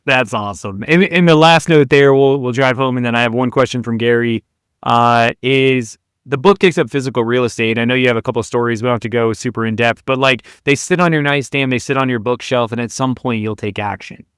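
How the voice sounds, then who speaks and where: A man's voice: mid-range voice, a little fast, a bit bright, clean tone, no echo, clean studio sound. A man hosting an interview, giving brief upbeat reactions and putting questions to his guest. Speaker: interview host.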